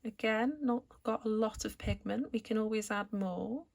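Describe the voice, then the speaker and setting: A woman calmly explaining each step of a watercolour painting as she works, as an art tutor. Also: a little high, normal speed, creaky. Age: adult, returned to art after school years. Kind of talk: painting tutorial narration while working.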